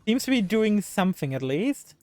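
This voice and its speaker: A woman's voice: mid-range voice, big pitch swings, moderate pace, a little mellow, no room sound. A woman streaming live gameplay, talking to the game's characters in exasperation and swearing freely. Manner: exasperated, talks to the game characters.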